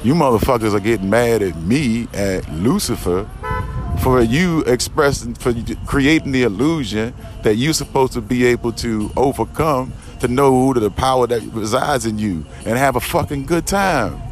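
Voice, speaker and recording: A man's voice: medium pitch, expressive, normal speed. A man giving a rambling spiritual monologue outdoors in a garden, profane and emphatic, often restarting and repeating himself. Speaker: podcast host.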